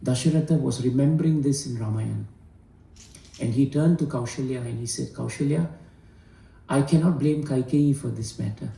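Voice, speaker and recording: Gravelly, earnest male storyteller in an echoey room. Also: medium pitch, normal speed, warm tone, far from the mic. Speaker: spiritual storyteller. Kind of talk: devotional storytelling talk.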